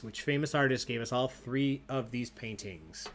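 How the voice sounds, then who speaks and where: A man's voice: medium pitch, normal speed, few pauses, fairly bright tone. A young man hosting an online trivia game, chatty and easily sidetracked. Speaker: trivia host. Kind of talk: casual livestream trivia hosting.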